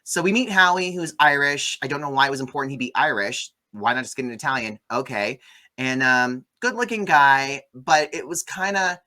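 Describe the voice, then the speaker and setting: Guy ranting sarcastically about a movie, bright tense voice, goofy impressions. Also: medium pitch, moderate pace. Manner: sarcastic, animated, mocking impressions. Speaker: movie review host. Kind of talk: casual chat.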